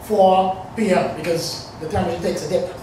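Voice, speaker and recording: Man in his forties, high voice, rambling live storytelling, echoey distant room. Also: fairly even intonation, normal speed, dark tone, slight background noise. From Bahamas. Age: 40s. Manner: rambling, conversational, with many fillers.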